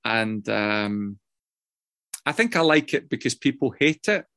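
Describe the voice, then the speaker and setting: A man's voice: medium pitch, expressive, measured pace, bright, forceful tone, dry recording. A man sharing his story at a meeting, rambling and self-mocking, swearing freely with many ums and uhs, heard over a video call. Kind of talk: casual personal share.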